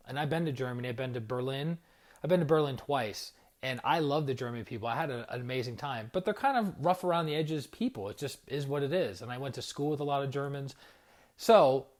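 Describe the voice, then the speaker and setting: Man telling a rambling meditation story. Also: medium pitch. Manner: rambling, reflective, with frequent fillers and asides. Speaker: spiritual coach. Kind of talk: casual livestream storytelling.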